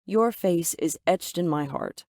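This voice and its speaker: A woman voicing a gentle, affectionate young man in a storybook tale, speaking earnestly. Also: lowish voice, animated, unhurried, no room sound, studio quality.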